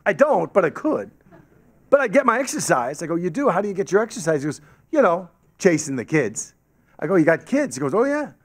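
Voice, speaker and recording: A man's voice: fairly high pitch, a little fast. A man telling a story as a guest speaker to a club audience, acting out the voices of the people he quotes. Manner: animated, acts out quoted voices. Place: meeting hall with an audience. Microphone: podium microphone.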